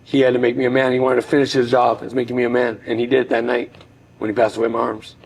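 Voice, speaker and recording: Gravelly middle-aged man, earnest storytelling. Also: mid-range voice, monotone, quick pace, rough recording. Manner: earnest, heartfelt, reflective. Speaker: podcast guest, former boxer. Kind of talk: personal storytelling in conversation.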